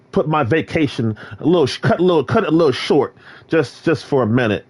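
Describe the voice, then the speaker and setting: Animated ranting male streamer. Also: a little high, quick pace, breathy edge. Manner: swings between ranting and muttering. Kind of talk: rambling stream chat.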